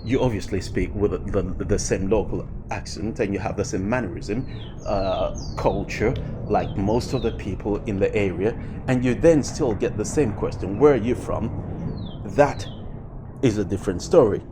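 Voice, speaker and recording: A man talking through his thoughts in a casual commentary video, pausing often with fillers and restarts. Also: fairly low pitch, noisy background. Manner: reflective, with frequent fillers and restarts. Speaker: vlogger.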